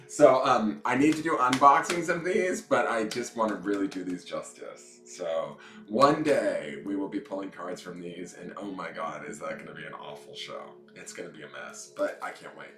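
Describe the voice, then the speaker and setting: A man's voice: low voice, normal speed, fairly bright tone, echoey room, faint music behind. A man hosting a casual tarot live stream, chatting in a playful, campy way and greeting viewers by name. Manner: playful, campy, joking asides. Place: indoors at home.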